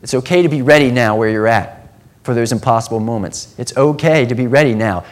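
A man preaching a sermon, earnest, dropping to a hushed tone and then rising to emphatic passages. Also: medium pitch, fairly quick.

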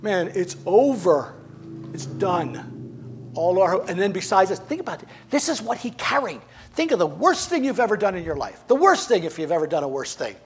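A man preaching a sermon in a dramatic way, swinging between emphatic lines and hushed ones. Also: high voice, very animated, fast, faint music behind.

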